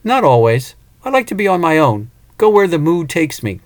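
A man's voice: fairly high pitch, very animated, moderate pace, pitched above the performer's own voice. A man voicing a flirtatious traveling fortune-teller woman, teasing and playful, raising his voice for her. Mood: flirty.

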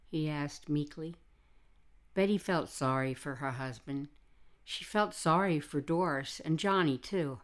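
A woman narrating an audiobook in a measured, even storytelling manner. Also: low voice. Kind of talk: scripted narration.

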